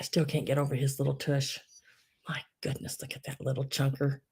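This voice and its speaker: A woman's voice: extremely low pitch, completely flat delivery, moderate pace, a little mellow, slightly rough. A middle-aged woman hosting a live online sale, gushing over collectible figurines and reading out bids in a chatty way. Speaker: live online auction seller. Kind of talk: live-stream sale chat.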